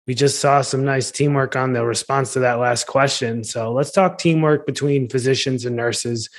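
A man moderating a panel, introducing questions in a brisk, friendly way. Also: medium pitch.

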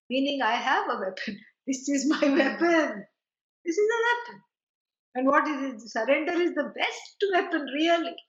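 A woman giving a chatty, digressive spiritual lecture, with quick laughs and asides. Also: high voice. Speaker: teacher of scripture. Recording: roomy, dull lo-fi recording.

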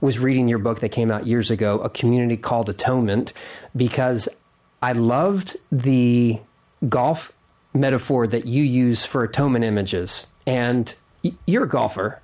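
A man's voice: mid-range voice, moderate pace, darkish tone. A man hosting a podcast who asks questions casually, with self-deprecating asides and hesitant restarts. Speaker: podcast host.

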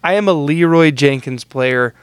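A man's voice: fairly high pitch, moderate pace, slight background noise. A man in his thirties hosting a podcast, joking and poking fun at himself in casual chat. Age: 30s. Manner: joking, self-mocking. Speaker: podcast host.

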